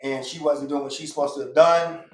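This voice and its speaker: A man talks in a high voice on a casual podcast. He is emphatic and insistent and circles back to repeat his points. The sound is roomy, with a noticeable echo. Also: fairly even intonation, fairly quick. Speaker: guest. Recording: echoey room.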